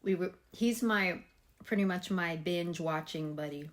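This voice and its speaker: Young woman, casual vlog chat, rambling, nibbling snacks, lowish pitch. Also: unhurried. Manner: chatty, rambling, snacking while talking. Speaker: PhD student vlogger.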